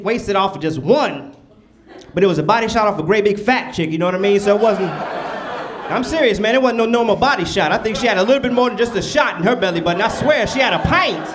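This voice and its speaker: A man performing a stand-up comedy set in a club, loud and animated with the crowd. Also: very high-pitched. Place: comedy club stage before a live audience. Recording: noisy club recording with crowd. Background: audience laughter and cheering.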